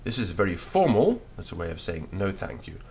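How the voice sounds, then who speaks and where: A man teaching a beginners' French lesson, dictating slowly and patiently and spelling words out letter by letter. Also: low voice, big pitch swings, a little mellow, breathy edge.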